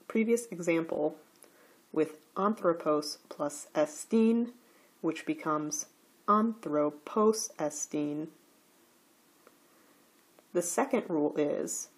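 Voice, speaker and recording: A woman walks through grammar rules in a recorded slide lecture. She talks slowly and carefully, with a slightly husky, breathy voice. Her pitch sits a little low. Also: a little mellow. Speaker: teacher.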